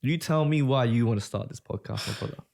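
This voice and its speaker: British guy on a podcast, chatty and jokey, keeps saying mate, mid pitch. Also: fast talker, vocal fry, darkish tone. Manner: bantering, says "mate" often. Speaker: podcast co-host. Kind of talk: casual podcast chat.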